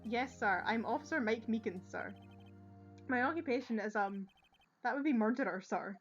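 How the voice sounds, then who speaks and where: A woman with a Scottish accent voicing an eager, dim young male police officer who ends nearly every line with "sir", loud and earnest, reading game dialogue aloud. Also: a little high, animated, normal speed, breathy edge, dull audio, faint music behind.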